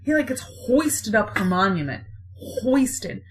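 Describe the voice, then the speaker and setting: A woman co-hosting a podcast, casually retelling a play with playful quick mock voices. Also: a little high, animated, fairly bright tone.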